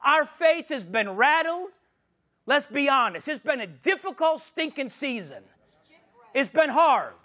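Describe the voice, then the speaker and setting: A man preaching a sermon as pastor, swinging from shouted exclamations to hushed, intimate lines. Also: extremely high pitch, sing-song, unhurried.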